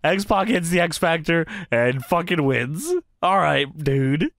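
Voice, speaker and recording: A man's voice: a little high, animated, slow, creaky, fairly bright tone, dry recording, clean studio sound. A man co-hosting a podcast, reviewing an old wrestling show in casual chat, laughing often and acting out quotes in silly voices. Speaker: podcast co-host.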